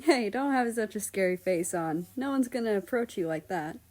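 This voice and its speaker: A woman voicing an excitable, friendly male king in a storybook reading, loud and boisterous. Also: medium pitch, normal speed, pitched above the performer's own voice, close to an everyday voice. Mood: teasing.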